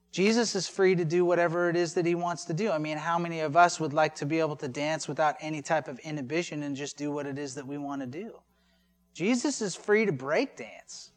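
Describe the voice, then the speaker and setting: A man preaching a sermon in a conversational way, with rhetorical questions and joking asides. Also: fairly high pitch. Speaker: pastor.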